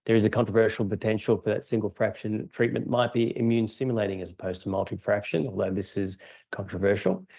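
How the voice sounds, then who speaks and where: A man, a radiation oncologist giving a measured, technical conference talk over a video call. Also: on the low side, fairly even intonation, vocal fry, darkish tone. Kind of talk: prepared conference lecture. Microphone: remote video call. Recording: dull lo-fi video call audio.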